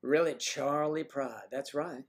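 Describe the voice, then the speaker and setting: Reading chat on his livestream, a man from around Washington DC keeps up a joking, teasing banter with viewers. His pitch is medium, he speaks slowly, and there's no strong accent.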